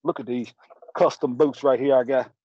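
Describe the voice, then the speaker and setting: A man playing a loud, boastful backwoods country man, rambling and hollering in a comedy monologue. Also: medium pitch, steady tone, moderate pace, husky, no room sound, muffled recording, natural voice. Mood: boisterous.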